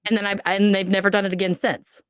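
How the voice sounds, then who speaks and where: A woman's voice: medium pitch, fast, clean tone, dry recording, clean studio sound. Woman vividly telling a spooky story. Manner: animated storyteller, acts out quoted voices. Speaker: podcast guest. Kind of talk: telling a personal ghost story.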